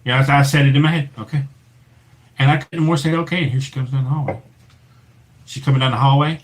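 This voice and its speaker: A man tells a ghost story in a loose, profane chat, and his voice swings between lively bursts and a low hush for the scary parts. His pitch sits in the middle for a man. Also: fast talker, rough recording. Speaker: paranormal investigator guest. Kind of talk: casual storytelling.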